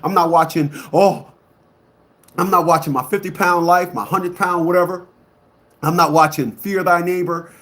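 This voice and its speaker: A man with a somewhat high-pitched voice delivers a ranting monologue to his online audience. He is blunt and emphatic and hammers the same words again and again. He swings between loud outbursts and low muttering. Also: steady tone, normal speed. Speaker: online commentator.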